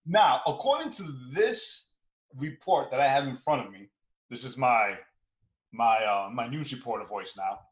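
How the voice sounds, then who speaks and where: A man co-hosting a casual podcast chat, animated and quick to laugh and joke. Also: medium pitch, echoey room, lo-fi sound. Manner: animated, laughs often, jokes around. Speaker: podcast co-host. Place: podcast studio in Atlanta.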